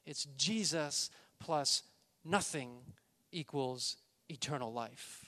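A man preaching a sermon, emphatic, slowing down and stressing key words. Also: a little high, pushed and bright. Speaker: pastor.

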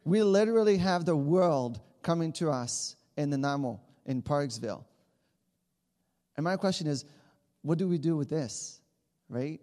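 Recorded in a large hall, a Quebec man in his thirties with a Quebec French accent speaks as a campus missionary in an earnest church talk, frequently starting over. French is his native language, and his mellow, somewhat high voice is expressive and moves at normal speed.

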